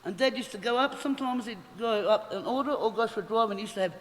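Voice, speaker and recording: A woman's voice: fairly high pitch, quick pace. A middle-aged Australian woman giving a rambling, chatty eulogy at a funeral and laughing through her stories. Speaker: eulogy speaker. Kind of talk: funeral eulogy, anecdotal storytelling. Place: funeral hall. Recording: echoey hall with faint noise.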